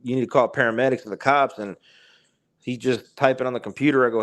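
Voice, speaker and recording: A man's voice: medium pitch, steady tone, quick pace. A man, telling a spooky story as a podcast guest in a rambling way with many fillers and restarts. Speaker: podcast guest, truck driver. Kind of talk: casual storytelling.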